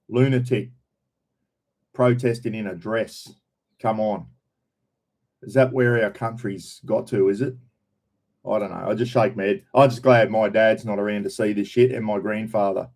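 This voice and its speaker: A man's voice: fairly low pitch, fairly even intonation, unhurried, pauses often, darkish tone. An older man with an Australian accent hosting a casual live stream, greeting viewers by name in a chatty, blunt way and swearing freely.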